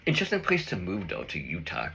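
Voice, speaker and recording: A man's voice: low voice, huge pitch swings, quick pace, creaky, sharp tone, slight background noise, low-quality recording. A man vlogging in casual chat with his viewers, rambling and opinionated with lots of fillers while he eats a meal.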